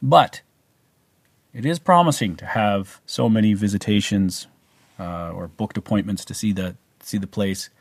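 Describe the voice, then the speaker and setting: Husky low-voiced Canadian man rambling. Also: unhurried, dry recording. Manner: rambling, many fillers and restarts. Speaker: vlogger. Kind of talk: casual personal storytelling.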